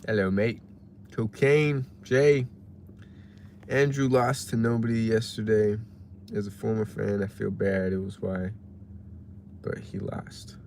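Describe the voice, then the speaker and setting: Man, low voice, laid-back livestream chat, reading chat aloud, faint background hiss. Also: flat delivery, measured pace, creaky, darkish tone. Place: parked car while waiting for delivery orders.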